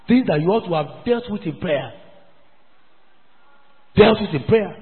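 Pastor preaching hard, repeats himself lots, voice jumps all over, big echoey hall. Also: male voice, high-pitched, animated, unhurried, pauses often, narrow, tinny audio. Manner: emphatic, repeats phrases, scolding. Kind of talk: sermon.

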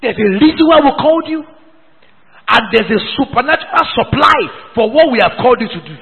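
A man's voice: extremely high pitch, animated, brisk, creaky, big-room sound, narrow, tinny audio. A man preaching a sermon as pastor, emphatic and repetitive, calling out to the congregation. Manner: emphatic, repeats lines, calls out to the congregation.

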